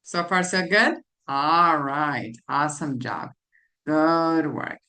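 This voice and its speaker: A woman tutor teaching a phonics lesson to children, spelling out letters and repeating each word slowly. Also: sits low, bright, forceful tone. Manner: slow, deliberate, spelling out letters and repeating words. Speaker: literacy tutor.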